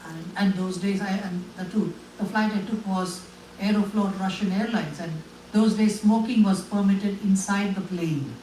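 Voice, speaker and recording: A man from India, telling a personal testimony to an audience in an earnest, halting way. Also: high-pitched, a little mellow, slight background noise. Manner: earnest storytelling with halting restarts. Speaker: guest speaker. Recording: echoey room, voice from a distance, faint ambience.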